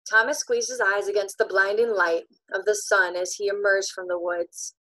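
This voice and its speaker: Woman audiobook narrator, bright dry voice, dramatic reading. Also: medium pitch, steady tone, moderate pace, no room sound, poor audio. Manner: dramatic, shifting between loud tension and hushed suspense.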